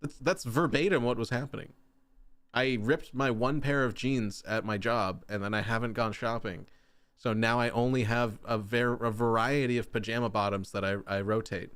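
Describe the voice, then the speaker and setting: A man's voice: steady tone, moderate pace, clear, resonant tone, no echo. Rambling jokey male streamer. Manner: rambling, jokey, answers chat, bursts into high shouting. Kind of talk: casual gaming livestream chat.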